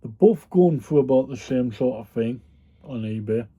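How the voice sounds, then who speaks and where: Dark-voiced man chatting casually. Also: medium pitch, expressive, moderate pace, breathy edge. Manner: rambling, chatty, with frequent ums and yawns. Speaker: reseller vlogger. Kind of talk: casual chat.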